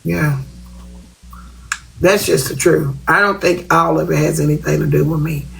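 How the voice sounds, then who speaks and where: A woman's voice: low voice, steady tone, normal speed, gravelly, a little hiss or hum, rough recording. A woman talking bluntly on a live stream, repeating herself for emphasis. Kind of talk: casual live-stream chat.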